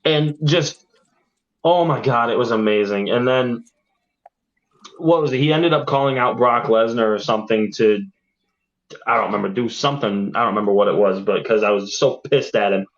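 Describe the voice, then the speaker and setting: Excited guy hosting a chat show, mid voice, kinda dull lo-fi sound. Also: medium pitch, moderate pace. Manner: excited storyteller, swears freely. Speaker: podcast host. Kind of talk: casual chat. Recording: dull lo-fi audio.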